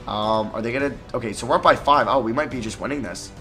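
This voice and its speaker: A man giving live commentary on his own basketball video game, excitable and jumping between loud outbursts and low mutters. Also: fast, faint music behind.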